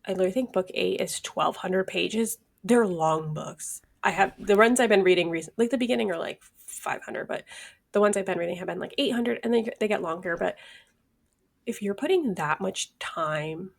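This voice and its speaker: Animated woman with a gravelly edge. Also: mid-range voice, normal speed. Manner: animated, dramatic, acts out her own reactions. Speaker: podcast co-host. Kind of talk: casual chat.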